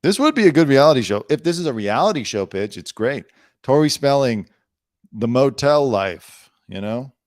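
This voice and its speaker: A man's voice: mid-range voice, expressive, normal speed, no room sound, studio quality. A man hosting an entertainment news show, reading headlines aloud and breaking off into sarcastic, rambling riffs. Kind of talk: casual news commentary.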